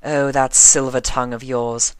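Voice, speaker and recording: Casting: haughty posh unicorn mare, a man voicing her in a high, theatrical voice; dry, close recording. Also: little pitch movement, clear, resonant tone, dry recording, close to an everyday voice. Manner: posh, theatrical, drawn-out vowels. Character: haughty refined female unicorn fashion designer. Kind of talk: audiobook reading.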